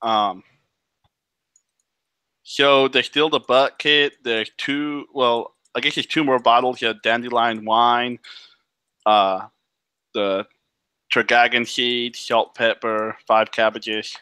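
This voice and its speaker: Bright-voiced male game master. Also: medium pitch, steady tone, slow, pauses often, clear, resonant tone, no echo. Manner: casual, laughing often, many fillers. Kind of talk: narrating a tabletop game.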